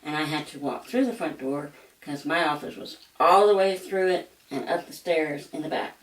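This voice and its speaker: An older woman with a Southern American accent, telling a funny story in a slow drawl for her vlog. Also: deep voice, roomy sound, distant mic, low-quality recording. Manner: slow, drawling, laughs through punchlines. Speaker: vlogger. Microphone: camcorder mic.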